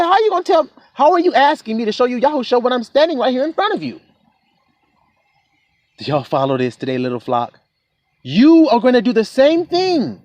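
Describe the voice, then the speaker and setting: A man preaching in a lively voice that swings up and down as he talks. He reads scripture slowly and stops again and again to ask his flock whether they follow. The recording is dry and close. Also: very high voice, no room sound. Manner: preachy, keeps asking "see?", slows to a drawl on verses. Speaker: self-styled preacher. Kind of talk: sermon reading scripture with commentary.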